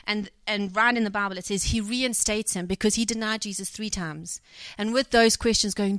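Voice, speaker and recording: A woman's voice: medium pitch, fairly even intonation, a little fast, a bit bright, dry recording. A woman preaching a sermon, reading a scripture passage and then retelling it in her own words with acted quotes, correcting herself as she goes. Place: church.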